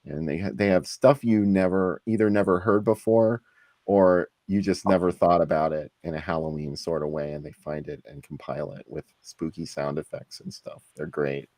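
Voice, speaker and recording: A man hosting a podcast, chatting in a relaxed way and enthusiastically recommending things. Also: low voice, normal speed, dry recording. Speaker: podcast host. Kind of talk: casual chat.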